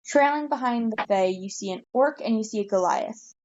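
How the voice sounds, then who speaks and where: A woman's voice: fairly high pitch, normal speed, darkish tone. A woman narrating as game master, casual and full of fillers. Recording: dull lo-fi mic.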